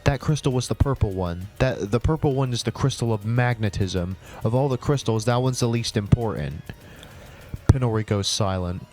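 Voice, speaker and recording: The comedic reading goes on over soft background music: he voices each character of his old story in turn, then cuts in with sarcastic, cringing outbursts. His voice is on the low side, at a moderate pace.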